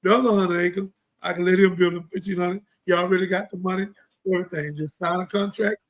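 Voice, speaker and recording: A middle-aged man hosting a live show, delivering a preachy, impassioned monologue full of scripture and rhetorical questions, swinging from loud outbursts to low mutters. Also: steady tone, quick pace, rough recording. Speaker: host of a live talk show.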